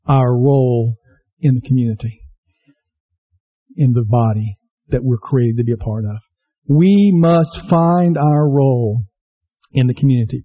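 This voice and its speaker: A male pastor preaches earnestly, asking his congregation questions and repeating himself along the way. The audio is a slightly dull, low-fidelity recording.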